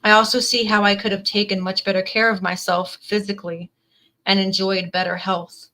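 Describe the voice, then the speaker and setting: Bright-voiced woman giving a tarot reading. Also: mid-range voice, little pitch movement, moderate pace, low-quality recording. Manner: earnest, emotional, with frequent "definitely" and "like". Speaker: tarot reader. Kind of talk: casual spiritual reading to camera, reading card messages aloud.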